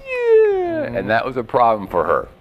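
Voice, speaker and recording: A man's voice: medium pitch, big pitch swings, normal speed, highs cut off, a crowd in the background. A man hosting a podcast, telling jokey stories in casual banter and often laughing.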